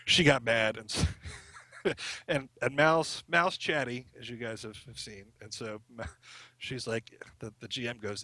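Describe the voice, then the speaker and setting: A middle-aged man tells a story as a guest on a podcast, laughing often as he goes. His voice is bright and forward, and the close mic keeps it dry. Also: medium pitch, animated, a little slow, no echo. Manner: chatty, laughs often while telling stories. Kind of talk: casual storytelling chat.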